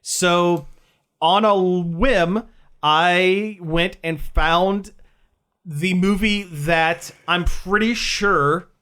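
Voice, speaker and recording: Podcast cohost, lively storytelling, keeps laughing. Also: medium pitch, very slow. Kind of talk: casual chat.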